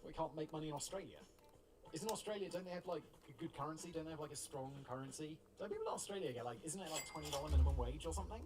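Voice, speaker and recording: A man's voice: a little high, racing. A man in his thirties hosting, reading a script and breaking off into chatty, wry asides with the odd swear. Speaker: host.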